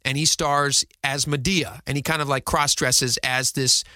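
A man's voice: medium pitch, fairly even intonation, unhurried, pushed and bright, dry recording, clean studio sound. A man in his thirties hosting a radio talk show, chatty and upbeat with rambling asides. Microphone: studio mic.

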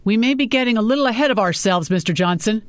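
Brief: impatient male law boss, read by a woman, curt and brisk, dry sound. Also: fairly high pitch, lively intonation, no room sound, voice pushed up, lightly acted. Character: gruff, dismissive male law-firm boss. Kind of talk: audiobook character reading.

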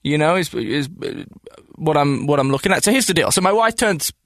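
A man's voice: a little high, animated, brisk, no room sound, clean studio sound. A man in his thirties co-hosting a podcast, bantering casually and playfully defending himself. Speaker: podcast co-host. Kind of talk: casual chat.

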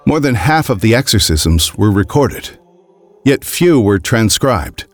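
A man narrating a scripted story in a grave, measured way. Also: on the low side, very animated.

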